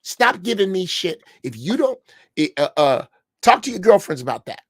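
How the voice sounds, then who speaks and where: A man's voice: sits high, very animated, normal speed, dry recording, clean studio sound. A man in his sixties from Chicago, telling a story on a podcast in a blunt, profane way. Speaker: podcast panelist. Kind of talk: casual chat.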